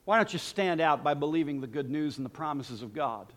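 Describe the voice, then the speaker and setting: A man's voice: a little high, lively intonation, fairly quick. A man preaching a sermon in an emphatic style, speaking directly to his listeners.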